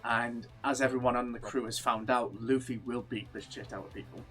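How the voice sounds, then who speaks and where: A man's voice: mid-range voice, flat delivery, fairly quick, a bit bright, faint music behind. A man co-hosting a podcast, chatting casually and enthusiastically, rambling as he retells scenes. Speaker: podcast co-host. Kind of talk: casual chat.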